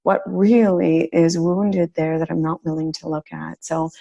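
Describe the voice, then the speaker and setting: A woman's voice: low voice, fairly even intonation, unhurried, creaky, mellow, muffled recording. A woman hosting a podcast interview, speaking in an earnest, reflective way. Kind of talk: conversational interview.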